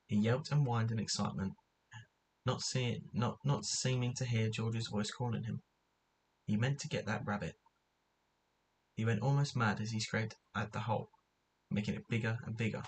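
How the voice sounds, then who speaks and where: Low-voiced man reading a children's book. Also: fairly even intonation, moderate pace, slight background noise, low-quality recording. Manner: unrehearsed reading with slips and self-corrections. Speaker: narrator.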